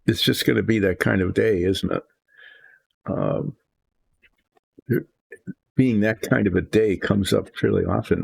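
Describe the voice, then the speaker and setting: Husky, gravelly man, casual hobby-painting host, self-mocking and indecisive. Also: fairly low pitch, dry recording. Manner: rambling, self-deprecating, indecisive. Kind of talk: relaxed hobby chat while painting.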